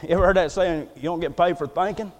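High-voiced preacher in a reverberant hall. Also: male voice, fast talker. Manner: folksy, joking, swings from soft asides to loud preaching. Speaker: pastor. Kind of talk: sermon.

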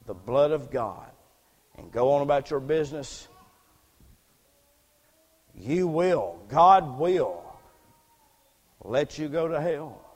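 A man preaching a sermon in a church, fervent, repeating words and rising to shouts. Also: fairly high pitch, in a large hall. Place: church sanctuary.

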